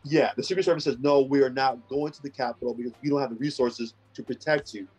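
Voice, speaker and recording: A man co-hosting a casual podcast chat, telling stories in an animated, slangy way. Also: medium pitch, fast talker, breathy edge, muffled recording. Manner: animated storyteller, slangy, says "bro" a lot. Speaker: podcast co-host.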